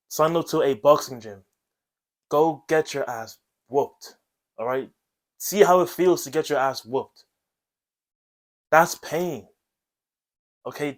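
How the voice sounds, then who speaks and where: A man gives blunt, coaching advice straight to camera. His voice sits at an ordinary middle pitch, and he tags his points with "okay?" and casual swearing. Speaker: self-improvement video host. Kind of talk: direct-to-camera advice monologue.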